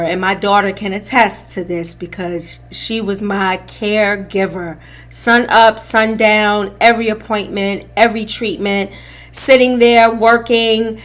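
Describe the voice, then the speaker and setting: Slow, reflective woman podcast host. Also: mid-range voice, steady tone, fairly bright tone. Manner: slow, reflective storytelling, calling listeners beloved. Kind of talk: personal testimony, casual talk.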